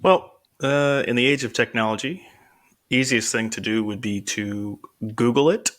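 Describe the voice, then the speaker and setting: A man's voice: medium pitch, moderate pace, fairly bright tone. A man answering interview questions as a contractor, talking informally with lots of "you know" fillers. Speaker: contractor guest.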